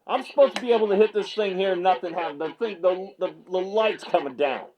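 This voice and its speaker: A man's voice: high-pitched, fast, a little mellow, poor audio. A male MMA media host in a fired-up reaction rant, stammering and repeating himself as he gets worked up on his small video set.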